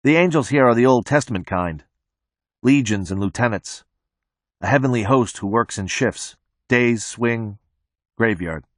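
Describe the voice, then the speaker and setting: A man narrating an audiobook in the first person, with a flat, detached delivery. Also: mid-range voice, measured pace, pauses often, dry recording, studio quality.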